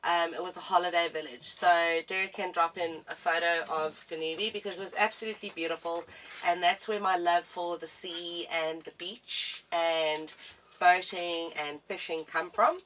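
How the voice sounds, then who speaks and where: South African woman, 40s, friendly co-host, low pitch, bright tone. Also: fairly even intonation, moderate pace, far from the mic, a little hiss or hum, rough recording. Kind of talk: casual chat.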